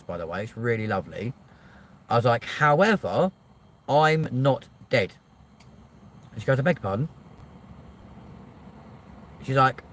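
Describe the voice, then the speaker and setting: A man's voice: mid-range voice, a bit bright, a little hiss or hum. A middle-aged man, hosting a livestream and telling a story in a casual rant, swearing freely and acting out both sides of a phone call. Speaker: livestream host.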